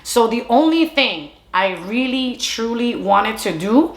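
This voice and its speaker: A young adult woman telling a casual storytime monologue, animated and chatty, slipping between English and Spanish. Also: on the high side, measured pace. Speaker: storyteller vlogger. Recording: echoey room.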